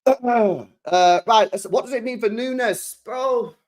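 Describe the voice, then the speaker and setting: Excitable young British man, high voice. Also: slow pace. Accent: British English. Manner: excitable, slangy, repeats himself. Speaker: football channel host. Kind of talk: casual live-stream chat.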